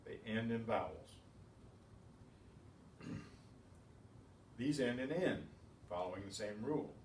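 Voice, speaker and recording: An expressive man with a mid-range, slightly mellow voice speaks slowly while teaching a beginners' Spanish class. He explains rules methodically with chatty asides, heard through a distant mic in an echoey room with faint ambience.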